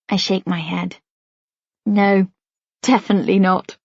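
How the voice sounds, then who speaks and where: A woman's voice: medium pitch, measured pace, creaky, no echo. Woman reading an audiobook. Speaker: audiobook narrator. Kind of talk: first-person audiobook narration. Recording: dull, lo-fi dry audiobook recording.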